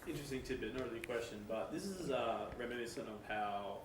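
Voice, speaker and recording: A man in the audience asking the speaker questions in a relaxed, conversational way. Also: medium pitch, fast, background noise. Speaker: audience member. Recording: far-off roomy mic pickup.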